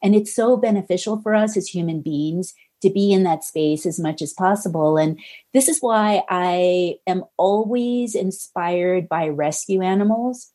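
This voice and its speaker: A middle-aged woman author speaking as a podcast guest, earnest and gently reassuring. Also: lowish voice, measured pace. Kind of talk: podcast interview conversation.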